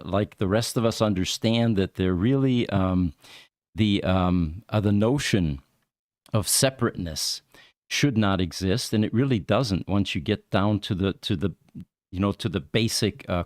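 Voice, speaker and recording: A man hosting an interview show, talking in a relaxed, conversational way with filler pauses. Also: deep voice, dry recording, studio quality. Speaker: show host. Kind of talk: casual interview chat.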